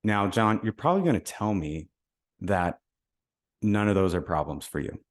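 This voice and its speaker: Low-voiced male podcast host, casual sales coaching, acts out call scripts. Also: lively intonation, normal speed. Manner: conversational, acts out sales calls.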